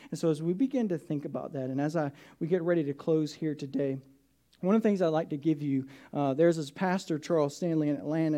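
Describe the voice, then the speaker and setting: A man with a high-pitched yet mellow voice preaches a sermon to his church. He talks in an animated, conversational way and keeps putting questions to the congregation. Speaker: pastor. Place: church sanctuary.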